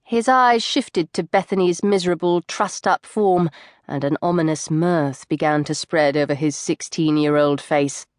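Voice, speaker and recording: Woman, audiobook narration, expressive, dry close sound. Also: low-pitched, moderate pace, no room sound. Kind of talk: scripted narration.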